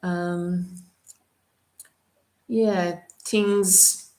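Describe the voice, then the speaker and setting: Slow, low-voiced woman teaching French. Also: slight background noise. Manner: relaxed, chatty, with frequent fillers and careful French examples. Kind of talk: live Q&A tutoring session.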